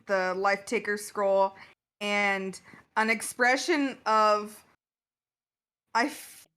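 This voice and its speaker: A woman's voice: mid-range voice, slow pace, sharp tone, smooth. A woman player in a tabletop game, explaining things matter-of-factly in casual chat.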